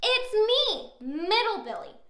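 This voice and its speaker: A woman's voice: very high-pitched, big pitch swings, slow pace, fairly bright tone, voice pushed up, full character voice. A woman voicing a clever, middle-sized billy goat who talks in a sing-song, pleading way, in a roomy echo.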